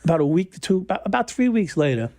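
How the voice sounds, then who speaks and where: A man's voice: high-pitched, sing-song, fast talker, dark tone. A middle-aged man from New York telling prison stories in a casual, profane way, laughing and repeating words. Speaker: interview guest. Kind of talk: casual storytelling.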